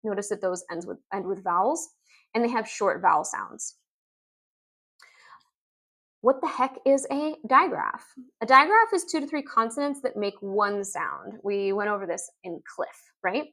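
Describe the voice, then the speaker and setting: A woman explaining reading lessons in an upbeat instructional video, sounding out letters and words slowly. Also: mid-range voice, fairly bright tone. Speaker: literacy teacher.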